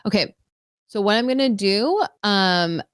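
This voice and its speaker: A polite, patient wedding planner, gently insistent and calm, as a woman quotes her in a podcast chat. The voice is close-miked and dry, at a middle pitch. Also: a little slow, clean tone, dry recording, close to an everyday voice.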